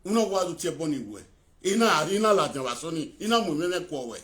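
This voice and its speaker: A man's voice: fairly high pitch, big pitch swings, quick pace, a bit bright. Nigerian man hosting a live talk show.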